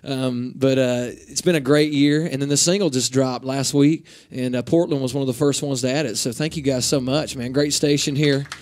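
A young country singer from Northeast Georgia, USA, with a Southern accent, jokes and rambles easygoingly between songs in a radio station lounge. His voice is medium-pitched and a little mellow, with fairly even intonation, a moderate pace, and hardly any pauses.

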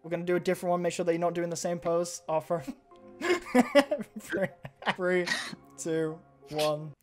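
A man's voice: high-pitched, normal speed, music in the background. A man hosting and running a casual group video call, giving directions, laughing and swearing casually. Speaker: host running the session.

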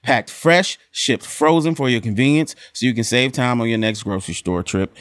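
A man's voice: mid-range voice, normal speed, no room sound. A man reads a sponsor spot on a podcast, upbeat and chatty. His voice sits in a middle range and sounds close and dry. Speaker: podcast co-host. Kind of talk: ad read.

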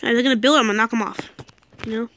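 High, bright-voiced excitable gamer girl. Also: rapid-fire. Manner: excitable, dramatic outbursts and mock sulking. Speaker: gameplay commentator. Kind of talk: casual gameplay commentary.

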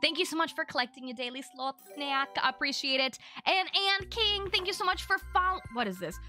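A bubbly young woman chats with her live-stream audience while she plays. Her voice sits a little high and sounds bright and crisp. Soft music plays behind her. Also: lively intonation, fairly quick. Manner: bubbly, chatty, thanking chat and giggling. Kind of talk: casual live-stream chat while gaming.

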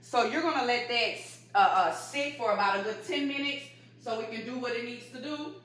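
A woman in a casual home remedy vlog, chatty and folksy, calling viewers baby and y'all, slowing down whenever she reads from her notes. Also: fairly high pitch, fairly bright tone. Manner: slows down when reading from notes. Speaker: holistic healer vlogger. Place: home kitchen and backyard garden.

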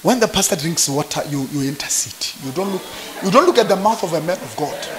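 A man's voice: a little high, animated, brisk, background noise. A man preaching a fervent conference sermon, throwing call-and-response questions to the congregation. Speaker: pastor. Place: church conference.

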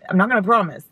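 An excitable young woman talks casually about a stack of books in her vlog. She gushes and giggles easily, swearing now and then. Her pitch sits in a middle range for a woman. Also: slightly rough. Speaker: book vlogger opening fan mail. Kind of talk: casual chat.

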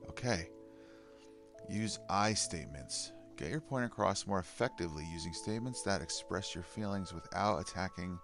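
A man with a very deep voice reads self-help tips aloud, then breaks off into frank, casual commentary between them. Soft music plays faintly in the background. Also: gravelly. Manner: reads advice aloud then comments candidly, with sighs and laughs. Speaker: vlogger. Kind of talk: casual self-help video reading and reacting.

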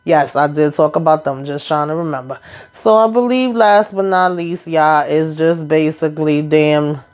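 A woman's voice: low voice, moderate pace, a little mellow. Sassy, chatty woman recapping TV. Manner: chatty and slangy, sassy asides to viewers. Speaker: TV recap YouTuber. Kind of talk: casual reality TV recap.

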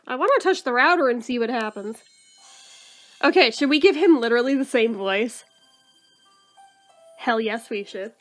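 A woman riffing on a game as she plays, sarcastic and profane, with a high voice. She mocks the game freely and laughs a lot. Faint game music plays behind her. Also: brisk. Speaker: gaming video host. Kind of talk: let's play commentary.

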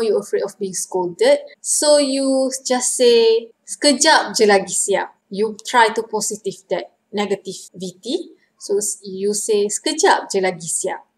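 Patient Malaysian-accented woman teaching vocabulary. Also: mid-range voice. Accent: Malaysian English. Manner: patient, repeats phrases slowly for the learner. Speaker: language teacher. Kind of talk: explaining vocabulary lesson.

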